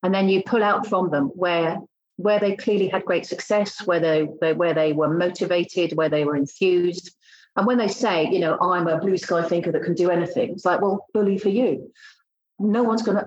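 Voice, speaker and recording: Blunt woman recruiter, lowish voice, dull lo-fi recording. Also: fairly even intonation, normal speed. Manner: blunt, emphatic, acts out exchanges. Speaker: recruitment consultant. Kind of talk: casual interview talk.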